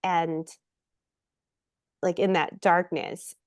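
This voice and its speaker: An expressive middle-aged woman from the United States chats as an interview guest, acting out the voices of people in her stories and breaking into laughs. Her voice sits at an ordinary pitch and sounds dry and close to the mic. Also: extremely slow, no echo. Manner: animated storyteller, acts out quoted voices, laughs often. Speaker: guest actress. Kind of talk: casual interview chat.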